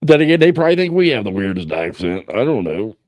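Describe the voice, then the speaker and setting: A man's voice: lowish voice, sing-song, fast talker, dry recording. A man from Ohio with an Ohio accent, hosting a podcast in casual, joking chat that rambles and stammers. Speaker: podcast host.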